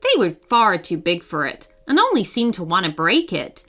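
A woman narrating a children's story in a scripted, expressive way with dramatic pauses. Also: lowish voice.

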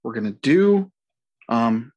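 Give me a man with a husky voice, dry and halting, griping in a casual podcast chat. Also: mid-range voice, very animated, darkish tone, lo-fi sound. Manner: halting, repeats words, dry complaints. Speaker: podcast co-host. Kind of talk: casual movie discussion.

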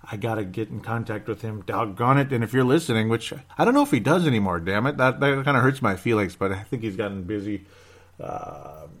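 A man hosting a sports show alone, talking casually, sarcastic and rambling, with mock outbursts. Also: on the low side. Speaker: sports podcast host. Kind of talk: casual solo sports commentary.

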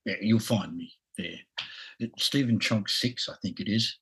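A man in his sixties with an Australian accent, a podcast guest talking haltingly with lots of restarts and chuckles. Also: on the low side, a bit bright, husky, rough recording. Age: 60s. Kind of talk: casual interview.

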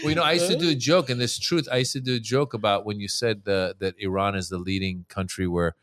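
Animated male comedian telling stories. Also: fairly low pitch, fast talker, heavy background noise. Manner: animated storytelling, acts out quotes. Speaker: podcast guest, comedian. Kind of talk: casual chat.

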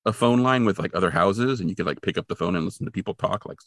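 Deep-voiced and fast-talking, a man recaps an episode on the podcast he co-hosts. The chat is casual and animated, stuffed with fillers, and he briefly acts out characters when quoting them.

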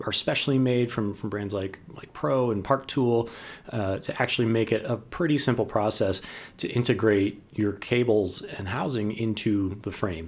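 A man co-hosting a casual podcast chat, relaxed and chatty, laughing easily. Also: medium pitch. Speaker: co-host.

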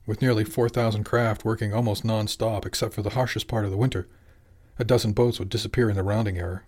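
A man's voice: fairly low pitch, steady tone, fast, darkish tone, close to an everyday voice. A man voicing a worried, sardonic middle-aged accountant who keeps objecting in casual, slangy speech. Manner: colloquial, objecting.

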